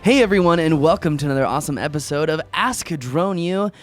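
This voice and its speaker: A man's voice: on the high side, lively intonation, fast, faint music behind. A man hosting a podcast in casual, jokey, upbeat chat. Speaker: podcast host.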